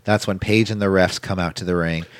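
A man co-hosting a casual chat, recapping a wrestling show in a rambling way with quick impressions. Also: deep voice, steady tone, dry recording. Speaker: podcast co-host recapping wrestling.

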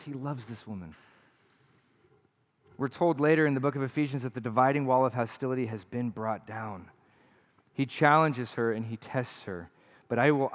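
A man preaching a sermon as pastor, earnest and emphatic, repeating key phrases. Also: mid-range voice. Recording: long hall reverb.

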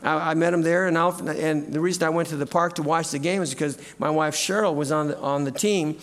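A man preaching a sermon as pastor in a church, animated and at times shouting out cheers. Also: on the high side, fairly quick. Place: church sanctuary.

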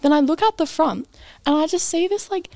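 A young woman tells a story in a quick, chatty way, leaning on "like" and acting out the people she quotes. Her voice sits fairly high. The sound is close and dry, with no room around it. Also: gravelly, mellow, no echo. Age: young adult. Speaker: bowling alley party host telling a story. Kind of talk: casual storytelling chat.

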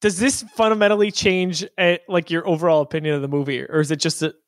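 A man hosting a movie podcast in casual chat, asking quick upbeat questions. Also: fairly high pitch, fairly even intonation, no echo, studio quality.

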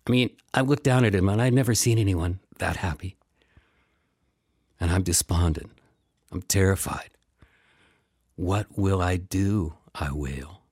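A man's voice: low-pitched, normal speed, long pauses, darkish tone, husky, no echo, clean studio sound. A man telling a first-person story in a wry, meandering way, repeating phrases for effect.

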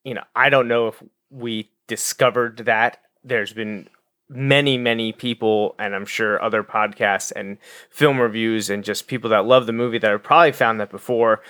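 A man with a lowish voice chats casually as a podcast co-host. He rambles and trips over his restarts. The sound is close and dry. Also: steady tone, moderate pace, bright, forceful tone, no echo. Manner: rambling, self-correcting, stammers on restarts. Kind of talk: casual chat.

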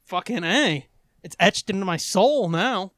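High-voiced joking podcast host man. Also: lively intonation, measured pace, fairly bright tone, no echo, clean studio sound. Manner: joking, crude, laughs often. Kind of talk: casual podcast chat.

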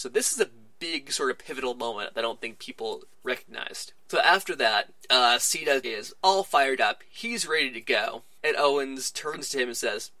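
A man hosting a wrestling podcast, recapping a show in a casual, animated way and acting out the wrestlers' lines as he goes. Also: medium pitch, no room sound.

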